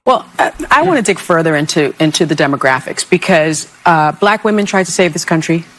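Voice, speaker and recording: A woman co-host on a panel talk show, arguing her point in a measured way and citing figures. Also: low voice, animated, fairly bright tone, rough recording. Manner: measured, argumentative, cites figures.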